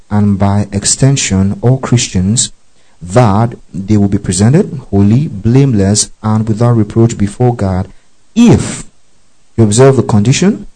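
A man's voice: on the low side, dark tone, low-quality recording. A man teaching a Bible study, reading verses aloud and often asking the class if they follow. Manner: checks in often with the class, spells out Greek words.

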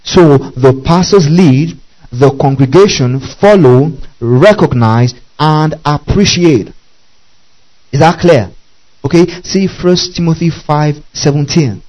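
A man's voice: fairly high pitch, expressive, takes it slowly, darkish tone, highs cut off. A man preaching as pastor, teaching through scripture, repeating key phrases and asking the congregation to underline them. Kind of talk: sermon.

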